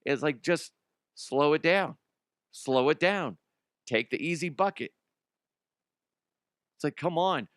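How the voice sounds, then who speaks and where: A man's voice: fairly high pitch, slow, long pauses, fairly bright tone, no echo, studio quality. A man hosting a casual sports talk show, ranting with profanity and sarcasm and laughing at his own jokes. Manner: mocking impressions of fans and players.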